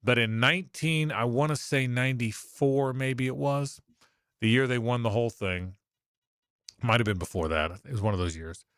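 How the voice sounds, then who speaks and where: A middle-aged man tells a sports story on talk radio at a medium pitch. He wanders through the details, stops to fix dates and names, and slips into other people's voices when he quotes them. The studio sound is close and dry. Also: moderate pace, fairly bright tone, dry recording. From Jacksonville, Florida. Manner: rambling, self-correcting anecdotes with quoted voices.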